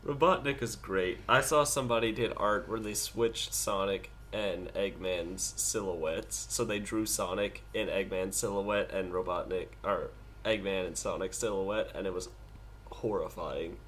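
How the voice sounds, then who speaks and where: Low-voiced man, halting and dry. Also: fairly bright tone, a little hiss or hum. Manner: hesitant, halting restarts, dry understatement. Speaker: podcast co-host. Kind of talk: casual chat.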